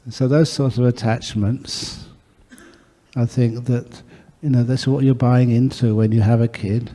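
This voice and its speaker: A Buddhist monk giving an earnest storytelling talk, answering questions from a meditation audience. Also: male voice, mid-range voice, steady tone, a little slow, warm tone. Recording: echoey hall.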